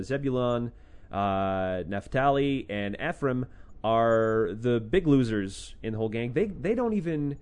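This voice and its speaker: A man's voice: medium pitch, a little mellow. A man casually retelling scripture stories in a sarcastic, profane way, breaking into acted-out quotes. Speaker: podcast host retelling a scripture book. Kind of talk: irreverent casual storytelling.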